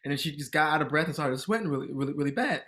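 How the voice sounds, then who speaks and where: A man in his thirties from the Washington, D.C. area, a comedian guest telling animated stories and laughing through them in casual podcast chat. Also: on the high side, rapid-fire.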